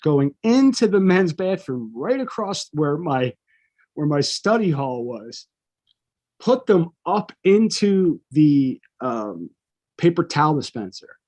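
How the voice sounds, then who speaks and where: A man's voice: fairly high pitch, slow pace. Profane man telling a story. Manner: profane, animated storyteller acting out quotes. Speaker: podcast co-host. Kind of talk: casual storytelling chat.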